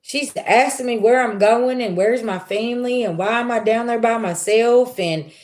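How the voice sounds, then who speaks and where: A woman's voice: fairly high pitch, moderate pace, darkish tone. A woman hosting a tarot reading livestream, chatting casually with her viewers and telling a story in a loose, colloquial way. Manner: chatty storyteller, talks back to chat, colloquial. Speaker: tarot reader livestream host.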